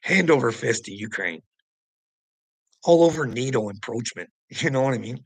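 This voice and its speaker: A Canadian man vlogger, medium-pitched with lively intonation, rants angrily and profanely at his viewers about politics, laughing between points. He speaks at a moderate pace, and the recording is rough with no room sound.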